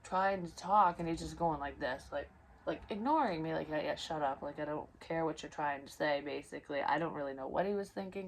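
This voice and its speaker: A woman's voice: low-pitched, slight background noise, low-quality recording. A woman telling a personal story in a rambling, emotional and profane way, full of fillers. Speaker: vlogger. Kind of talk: casual storytelling.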